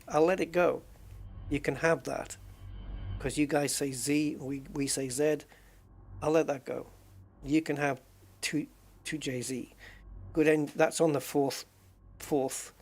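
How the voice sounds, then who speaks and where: An English man, a game streamer, chatting casually and rambling while he plays, laughing often at his own remarks. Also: on the high side. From England. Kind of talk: casual chat while gaming.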